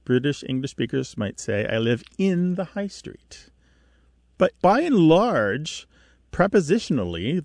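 Guy on a radio language show, patient, explains stuff, kinda gravelly, dead dry studio mic. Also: mid-range voice, darkish tone, dry recording. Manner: patient, explaining with vivid comparisons.

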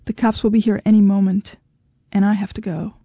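A woman's voice: medium pitch, a little fast, no room sound, lightly acted. Woman reading as a blunt, impatient woman. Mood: flat. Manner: blunt, flat, firm.

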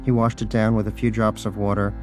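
A man's voice: lowish voice, flat delivery, fast talker, over music. A man narrating a comic audiobook in a dry, wry storytelling manner.

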